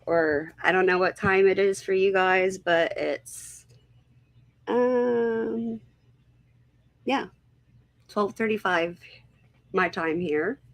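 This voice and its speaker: A woman's voice: mid-range voice, takes it slowly, pauses often, dry recording. A woman hosting a casual livestream, greeting viewers one by one and sounding a little unsure of herself. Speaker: livestream host.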